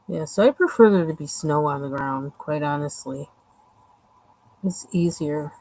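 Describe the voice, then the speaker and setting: A woman's voice: deep voice, measured pace, a little mellow, poor audio. A woman chatting casually and rambling with lots of fillers while she colors on a livestream. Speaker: livestream host.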